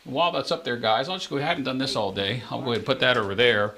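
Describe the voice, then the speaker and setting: A man's voice: mid-range voice, very fast, a little hiss or hum. Chatty man calling dice rolls live. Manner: chatty, talks straight to viewers, jumps in excitement when dice land. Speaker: host of a live craps stream.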